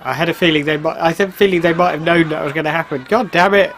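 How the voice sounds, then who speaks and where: A man giving casual, chatty commentary while playing a video game, excitable and quick to laugh. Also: fairly high pitch, a little hiss or hum. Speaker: let's play gamer.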